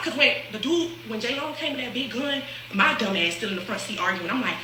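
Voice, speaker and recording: Fast, animated woman telling a story. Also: on the high side. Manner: animated, acts out quotes, laughs often. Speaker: storyteller on a reaction video. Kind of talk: casual storytelling. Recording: echoey room with faint hiss.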